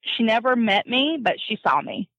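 A woman's voice: fairly high pitch, normal speed, creaky, no echo. Woman telling a story over dull lo-fi sound. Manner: animated, laughs often, acts out quoted voices. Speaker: guest telling her adoption story. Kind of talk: casual storytelling. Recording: dull lo-fi dry recording.

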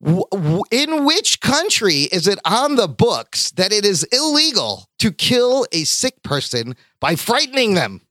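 Quiz host, bright tense voice, dry close sound, brisk and teasing. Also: medium pitch, very animated, no room sound. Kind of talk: comedy game show hosting.

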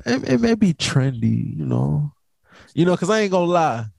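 Young man, podcast host, laid-back slangy rambling, mellow tone, dry close sound. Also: fairly high pitch, big pitch swings, normal speed, gravelly, dry recording. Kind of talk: casual late-night podcast chat.

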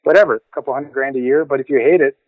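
A man's voice: mid-range voice, rapid-fire, no echo. A man, a car builder, answering interview questions casually, with many "you know"s and restarts. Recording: tinny phone-like line.

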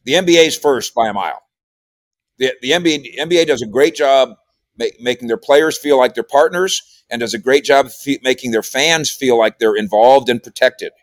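A regular radio guest discusses sports at a moderate pace in a mid-range voice, rambling and repeating himself in casual conversation. He is a sports columnist and podcaster who becomes animated when quoting. The studio sound is clean, with no room sound.

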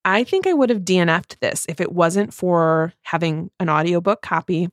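A woman chatting casually about a book she reviews, animated and laughing often. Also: lowish voice, moderate pace, no room sound, studio quality. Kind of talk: casual chat.

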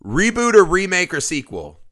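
A man's voice: high voice, moderate pace. A man and father co-hosting a casual movie chat, swearing freely and laughing as he tells stories. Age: adult father. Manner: profane, animated storytelling with laughs. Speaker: podcast co-host.

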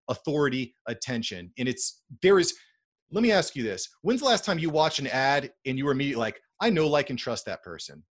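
A man's voice: mid-range voice, a bit bright. A man as a podcast guest, speaking confidently in casual chat and repeating key points for emphasis.

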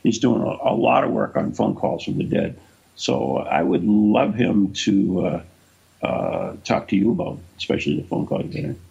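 Brief: gravelly male host, lively and husky, jokey questions, lo-fi. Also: deep voice. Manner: joking, halting questions. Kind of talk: casual interview. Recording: muffled lo-fi audio.

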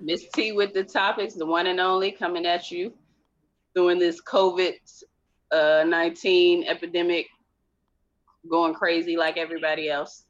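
A man co-hosting a podcast, casual banter with quick interjections. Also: sits high, little pitch movement. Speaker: podcast co-host. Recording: slightly dull sound.

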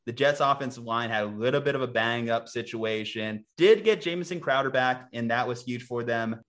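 Male co-host, conversational game analysis and picks, medium pitch. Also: a bit bright. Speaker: podcast co-host. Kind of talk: casual sports chat.

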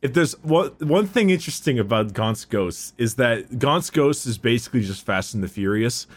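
A young man co-hosting a casual chat about books, relaxed, swearing now and then and often laughing. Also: medium pitch, moderate pace.

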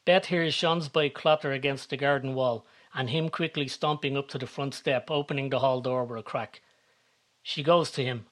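A man giving calm, measured scripted narration. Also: mid-range voice.

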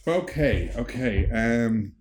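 A man guesting on a casual podcast, talking with loose enthusiasm and plenty of swearing. His voice sits at an everyday middle pitch. He laughs as he tells stories. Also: lively intonation, takes it slowly, a little mellow, slight background noise. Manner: enthusiastic, swearing, quoting film lines. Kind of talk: casual chat.

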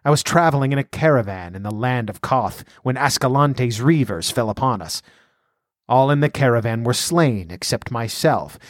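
A man voicing a proud, bitter male sorcerer held as a slave, speaking in a grave, measured way. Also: medium pitch, no echo, clean studio sound, close to an everyday voice.

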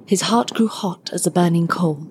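A woman narrating a story in a measured, scripted storytelling delivery. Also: on the low side, slight background noise.

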